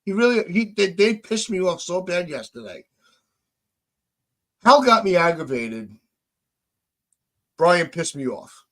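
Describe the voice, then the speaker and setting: A man's voice: sits high, sing-song, measured pace, long pauses, fairly bright tone. A man hosting a podcast, venting with frustration, swearing and restarting his sentences. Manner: frustrated, repetitive restarts, profane. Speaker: podcast host. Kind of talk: heated casual podcast chat.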